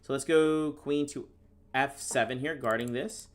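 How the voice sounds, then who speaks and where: A male chess streamer and National Master gives live-stream commentary while he plays, his medium-pitched voice unhurried. He's casual and deadpan sarcastic, reading chat questions aloud and answering them.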